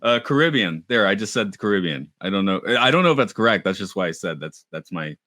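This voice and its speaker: Guy cohosting a podcast, chatty, keeps laughing, kinda low voice, dead dry room. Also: sing-song, fast, sharp tone, no room sound. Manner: chatty, laughs often, trails into restarts. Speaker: podcast co-host. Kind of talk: casual chat.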